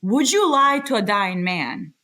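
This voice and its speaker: A woman's voice: medium pitch, big pitch swings, unhurried, sharp tone. A woman co-hosting a podcast in casual chat, confidently explaining her theories and swearing casually. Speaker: podcast co-host.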